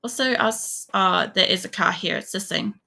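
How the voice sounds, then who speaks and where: A woman's voice: medium pitch, moderate pace, gravelly, sharp tone. An Australian woman streaming a game, chatting casually in a rambling way, swearing often and filling gaps with fillers. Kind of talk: casual gameplay chat.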